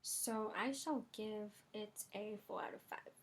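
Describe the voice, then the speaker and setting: A woman's voice: medium pitch, fairly even intonation, unhurried. A young woman talking casually in a music review vlog, chatty and full of filler ums, recorded in her bedroom. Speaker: vlogger. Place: bedroom at home.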